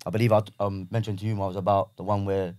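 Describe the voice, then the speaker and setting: A man's voice: deep voice, little pitch movement, racing, darkish tone, no echo. A man, chatting frankly as a podcast guest, rambling with fillers like "obviously". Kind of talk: casual chat. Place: podcast studio.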